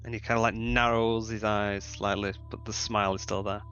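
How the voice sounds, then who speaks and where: A man's voice: on the low side, little pitch movement, brisk, a bit bright. A man describing his character's actions in a tabletop game, in a loose style full of filler words. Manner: loose narration full of "kinda, like". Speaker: player. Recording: dull recording with faint music.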